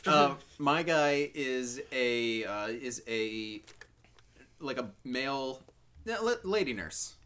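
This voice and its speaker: A man's voice: mid-range voice, lively intonation, takes it slowly, bright, forceful tone. A man brainstorming story ideas in casual chat, hesitant and full of fillers.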